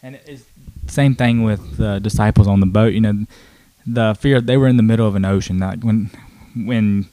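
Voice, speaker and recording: A man's voice: lowish voice, moderate pace, warm tone, dry recording. A man reading and explaining scripture in a plain, earnest way. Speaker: co-host.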